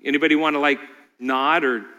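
A male pastor preaching a sermon, moving between loud pleading peaks and quiet storytelling. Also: fairly high pitch, fairly even intonation, fairly quick, big-room sound, highs cut off.

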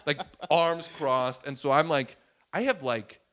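A man's voice: fairly high pitch, measured pace. A man, a stand-up comedian, telling a story in casual chat and acting out the voices of the people in it. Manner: animated, acts out voices in quotes.

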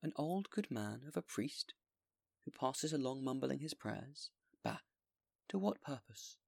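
Man doing a calm old bishop, soft but firm, kinda gravelly. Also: mid-range voice, unhurried, no room sound, studio quality, pitched above the performer's own voice. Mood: calm resolute. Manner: mild, patient, gently firm. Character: calm old male bishop, gentle and resolute.

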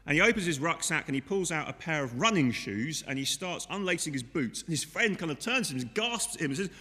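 A man's voice: a little high, animated, fast, hardly any pauses, sharp tone, big-room sound. A man preaching a sermon in a conversational way, often asking his listeners rhetorical questions. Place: church.

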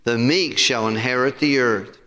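Pastor, male, forceful bright tone, preaching sermon with call-and-response questions, church hall reverb. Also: medium pitch, normal speed. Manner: preaching with rising emphasis and congregational questions. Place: church sanctuary.

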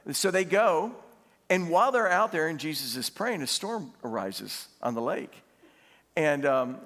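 A man preaching a sermon, animated and laughing as he tells stories and asks the congregation questions. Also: fairly high pitch. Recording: long hall reverb.

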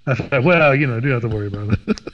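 A man's voice: medium pitch, rapid-fire. A middle-aged man from Washington, D.C., telling a story in casual conversation and acting out the voices of the people in it. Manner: animated, acts out quoted voices. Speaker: podcast guest. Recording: dull lo-fi sound with long reverb.

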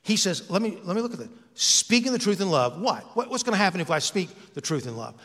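A pastor preaching in his own church, and his voice sits a little high for a man. He talks to the congregation in an easy, conversational way, with jokes and self-mocking asides. The sanctuary adds a long, ringing reverb to every line. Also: very animated, fast talker, a bit bright. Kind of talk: sermon.

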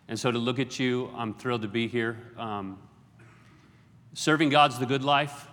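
Middle-aged male guest preacher, mid-pitched, wry and jokey, long hall reverb. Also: a bit bright. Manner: jokey, self-deprecating asides. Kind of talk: sermon. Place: large auditorium.

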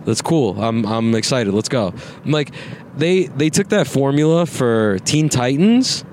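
A man's voice: medium pitch, lively intonation, unhurried, a little mellow. Rambling, profane young man in a car. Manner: rambling, profane, laughs often. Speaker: podcast host. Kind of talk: casual chat. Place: inside a moving car. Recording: faint road noise in a car.

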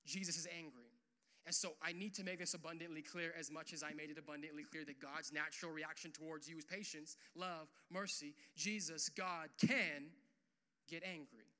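At normal speed, a young pastor preaches to his church casually and animatedly, sprinkling "like" and "uh" between ideas. His voice is very bright, forceful and high for a man, and it rises louder and higher to stress key points in the sermon.

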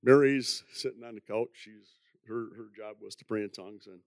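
An older man with a gravelly, creaky voice tells his church testimony, wandering through the story and chuckling at himself. The sound is dry and close, with no room ring. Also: fairly low pitch, steady tone, moderate pace, a little mellow, no room sound. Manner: rambling, chuckling, self-deprecating. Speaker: church member giving testimony.

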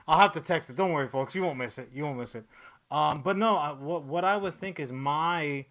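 Guy cohosting a podcast, kinda high voice, rambly and sweary, jokey. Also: fairly bright tone. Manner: rambling, profane, jokey, quick bursts. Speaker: podcast co-host. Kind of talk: casual podcast chat.

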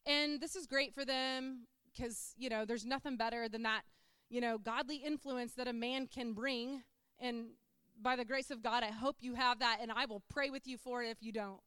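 Animated high-voiced woman testifying. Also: normal speed, clear, resonant tone, no room sound, clean studio sound. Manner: chatty and animated, filled with "like". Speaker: speaker giving a testimony. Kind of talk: sermon-style testimony.

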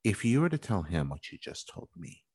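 A man interviewing a guest in an earnest, measured, supportive way. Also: low voice, very animated, a little mellow, slightly rough. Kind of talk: interview conversation.

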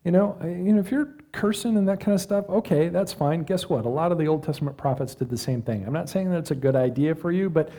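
A middle-aged man preaching a sermon in a conversational style, with dramatic pauses and moments of acted self-talk. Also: fairly high pitch, mellow. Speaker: pastor.

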